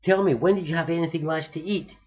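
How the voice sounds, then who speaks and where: A man's voice: a little high, fairly even intonation, fast talker, a little mellow, husky, highs cut off, pitched above the performer's own voice. A man doing a teasing woman diver.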